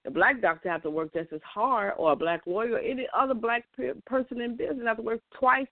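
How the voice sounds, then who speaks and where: A woman's voice: on the high side, fast, few pauses, dry recording. A woman in a casual monologue, earnest and emphatic, often restarting her sentences. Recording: tinny, dry phone-like sound.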